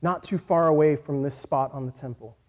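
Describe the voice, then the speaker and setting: A man preaching a sermon in an earnest voice that moves from quiet, reflective passages to emphatic points. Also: a little high, fairly even intonation, a little fast. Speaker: pastor.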